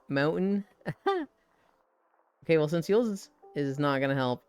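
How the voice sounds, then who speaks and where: A woman's voice: low-pitched, smooth. A young woman with a light Midwestern American accent, chatting casually and tiredly on a live stream, swearing now and then.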